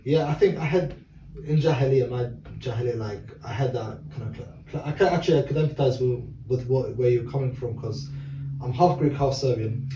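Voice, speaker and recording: Soft-spoken British man, roomy distant sound. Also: mid-range voice, fairly quick. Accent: British English. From England. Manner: hesitant, restarts often, quiet and reflective. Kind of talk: casual chat. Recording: echoey room, mic at a distance, faint noise.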